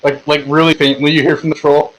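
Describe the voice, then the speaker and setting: A man's voice: a little high, level tone, fast, a bit bright, poor audio. A man narrating a tabletop game as game master over voice chat, with lots of fillers and restarts. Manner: rambling, filler-heavy narration. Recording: online voice chat.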